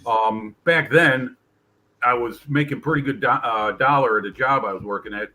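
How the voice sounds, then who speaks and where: A man with a bright, forceful voice talks casually on a live panel. He rambles and restarts his sentences as he goes. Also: medium pitch, normal speed, poor audio. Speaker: panel guest. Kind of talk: casual chat.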